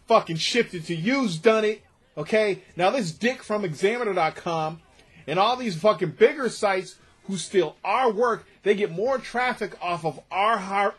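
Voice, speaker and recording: A man's voice: sits high, husky. A man who runs a gaming website, ranting angrily to camera and swearing nonstop. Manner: furious, profane, repeating himself. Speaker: gaming site owner and writer. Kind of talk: angry rant to camera.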